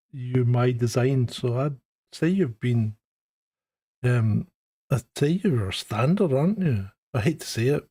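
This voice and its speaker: A man's voice: medium pitch, mellow, no room sound. A man hosting a podcast in casual chat, teasing his guest and laughing often. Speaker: podcast host.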